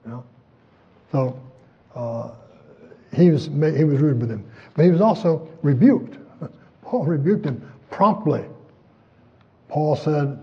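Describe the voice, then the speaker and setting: Older preacher, chuckling, on a dull recording. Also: male voice, a little high, normal speed, pauses often. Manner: folksy, chuckling, acts out quoted voices. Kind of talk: sermon.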